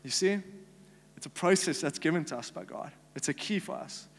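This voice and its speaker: A man's voice: fairly high pitch, animated, fairly quick, creaky. South African man preaching in a hall. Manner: earnest, conversational preaching with fillers. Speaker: pastor. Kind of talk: sermon. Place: church hall. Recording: live church hall with long reverb and faint hum.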